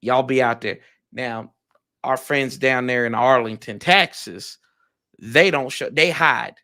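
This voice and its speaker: A man trading casual, teasing trash talk about football on a live stream, with bursts of loud outrage. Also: medium pitch, slow. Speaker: rival fan guest. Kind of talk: casual sports debate.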